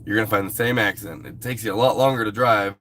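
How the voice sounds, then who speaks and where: A man talks to his livestream viewers in a somewhat low voice. He rambles in a loose, easygoing way and swears offhandedly. A faint background hiss runs under the speech. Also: steady tone, quick pace, fairly bright tone. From US West Coast. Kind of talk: casual live-stream chat with viewers.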